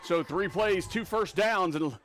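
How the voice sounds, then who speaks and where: A man calling a live high school football game play by play, rapid and excitable on big plays, with a Texan accent. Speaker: play-by-play announcer.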